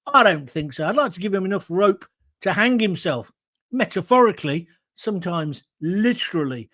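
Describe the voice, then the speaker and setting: Host, combative sarcastic rant, pitch jumping all over. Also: male voice, lively intonation, normal speed, a bit bright. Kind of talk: political opinion rant.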